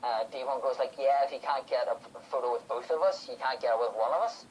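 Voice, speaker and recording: A man's voice: medium pitch, fast talker, a little mellow, slight background noise, low-quality recording. A man from the UK hosting a podcast, chatting casually and acting out what people said. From United Kingdom. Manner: chatty storyteller, acts out quotes. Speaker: podcast host. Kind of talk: casual chat.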